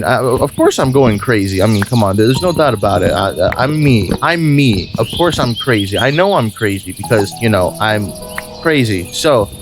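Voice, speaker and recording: A man doing jokey, rambling let's-play commentary, full of self-mocking asides. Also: mid-range voice. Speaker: gaming channel host.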